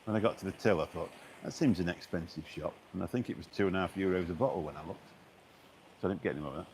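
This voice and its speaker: A man's voice: deep voice, racing, darkish tone, slight background noise. A middle-aged man chatting casually on a live stream as he walks by the beach, rambling along with lots of fillers and restarts. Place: outdoors on a beach walk.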